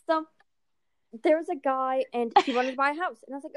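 A teenage girl chatting casually, telling animated stories and acting out what people said. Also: high-pitched, normal speed, no echo, clean studio sound. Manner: animated storytelling, acting out quotes. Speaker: storyteller. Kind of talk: casual chat.

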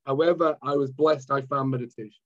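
A medium-pitched Scottish man speaks fairly quickly on a recording with the highs cut off. He's a mind management coach chatting casually as a guest, vividly dramatizing scenes from his past.

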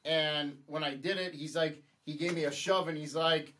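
A man's voice: on the high side, fairly even intonation, moderate pace, a bit bright, slight background noise. A man in his thirties telling a long story in a casual chat, stumbling over repeated words and acting out the lines he quotes.

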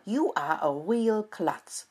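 A woman's voice: mid-range voice, expressive, slow pace, a little mellow, slightly rough, voice pushed up. A woman voicing an anxious, fussy father mouse in a storybook, talking in a raised, urgent and scolding way.

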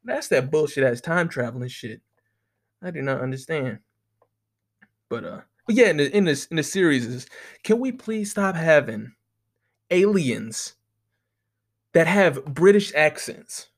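Profane, rambling young man, higher voice. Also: animated, measured pace, long pauses. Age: young adult. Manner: profane, rambling, laughs often. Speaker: vlogger. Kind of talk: casual rambling monologue.

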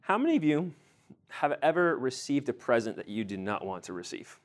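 A young man teaching a sermon to a group, animated, acting out everyday scenes and quizzing his listeners. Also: medium pitch, brisk. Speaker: youth teacher.

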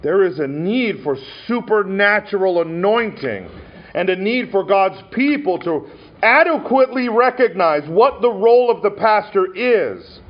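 A male pastor from Montana preaches a sermon with a slightly high-pitched voice, telling stories with many fillers and restarts. The church recording sounds dull and lo-fi. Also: lively intonation, unhurried. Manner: storytelling delivery with frequent fillers and restarts. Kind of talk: sermon at an ordination ceremony. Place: church sanctuary.

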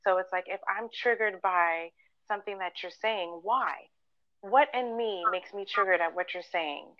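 A woman's voice: mid-range voice, normal speed, no room sound, dull audio. A woman co-hosting a podcast, telling personal stories in casual chat, earnest and full of fillers, acting out what people said. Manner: earnest storytelling, many fillers and acted-out quotes. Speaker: podcast co-host.

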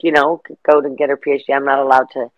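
A middle-aged woman as an interview guest, telling rambling, animated stories in casual chat. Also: very deep voice, fast, dry recording, highs cut off.

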